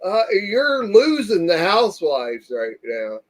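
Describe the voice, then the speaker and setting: A male co-host who talks slowly in a slightly high voice. He drops dry, teasing one-liners into casual banter. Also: huge pitch swings, poor audio. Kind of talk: casual talk-show banter.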